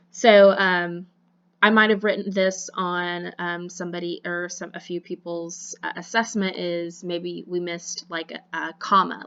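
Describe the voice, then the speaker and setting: A woman's voice: lowish voice, vocal fry, pushed and bright, lo-fi sound. Chatty young woman teaching a class. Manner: casual, chatty, many fillers and self-corrections. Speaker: college voice and diction instructor. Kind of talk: recorded online lecture.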